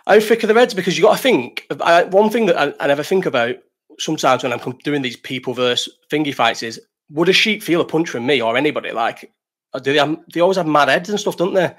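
A man's voice: a little high, animated, quick pace, a bit bright. A man hosting a casual live stream, reading chat questions, rambling, swearing and laughing.

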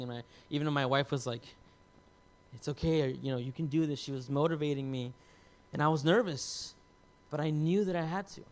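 Emotional pastor sharing a testimony. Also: male voice, fairly high pitch. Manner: emotional, confessional storytelling, swings from hushed to loud. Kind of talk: personal testimony sermon.

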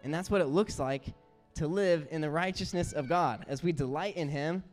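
A man preaching a sermon as pastor, telling stories in an earnest, animated way. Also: fairly high pitch, moderate pace. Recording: roomy hall with faint music.

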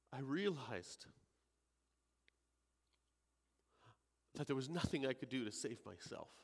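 A male pastor playing a repentant thief dying on a cross, in a dramatic first-person monologue at a church service, halting and emotional, moving from hushed remorse to crying out. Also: fairly high pitch, gravelly, in a large hall, voice pushed down. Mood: remorseful.

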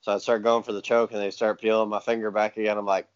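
Laid-back man with a smooth, low voice. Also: level tone, quick pace, no room sound, muffled recording. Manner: laid-back, laughs often. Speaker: podcast host and jiu-jitsu video maker. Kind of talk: casual chat.

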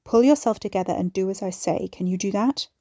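A woman's voice: mid-range voice, a little fast, warm tone, no room sound, studio quality, natural voice. A woman voicing an older woman on the phone who speaks in a hard, cold, commanding way.

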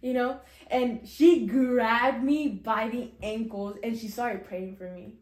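A woman's voice: a little high, steady tone, takes it slowly, darkish tone, echoey room. A young woman casually sharing an emotional personal testimony, full of "like" and "you know". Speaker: guest sharing her testimony.

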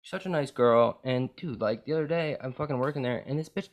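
A young man hosting a podcast in loose casual chat, crude and rambling, calling his guest bro and dude. His voice sits at a middling pitch for a man, and he jumps from one joke to the next. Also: fairly quick. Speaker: podcast host.

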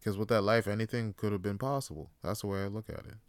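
A man's voice: on the low side, fairly even intonation, fast, clear, resonant tone, no echo. Profane, rambling man on a podcast. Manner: profane, rambling, laughs often. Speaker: podcast host. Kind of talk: casual opinion monologue.

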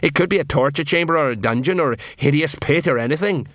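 A man's voice: on the high side, fast talker, fairly bright tone, no room sound, studio quality, natural voice. A man doing a fretful old sergeant. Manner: fretful, fussing. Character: nervous, fussy older male sergeant.

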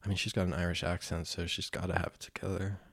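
Low-voiced young man rambling alone. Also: level tone, fast talker, creaky, fairly bright tone, slightly rough, no echo. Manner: rambling, self-mocking, restarts often. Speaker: vlogger. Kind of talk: casual self-talk vlog. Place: alone in his room.

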